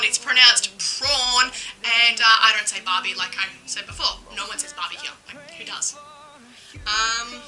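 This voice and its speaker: A woman's voice: a little high, animated, unhurried, sharp tone, faint music behind, low-quality recording. A young Australian woman with an Australian accent, talking straight to camera in a casual, indignant vlog full of "um" and "like". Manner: chatty, indignant, lots of "um" and "like". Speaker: vlogger.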